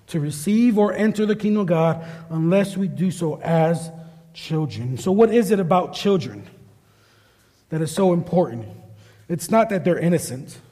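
A man's voice: fairly high pitch, warm tone, long reverb tail. A male pastor and parent preaching a sermon, emphatic, often repeating his key phrases. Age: adult parent. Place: church sanctuary.

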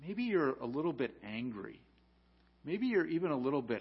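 A man preaching a sermon as pastor, rising to loud emphatic peaks and dropping to quiet, low lines. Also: very animated, normal speed, husky, dull audio.

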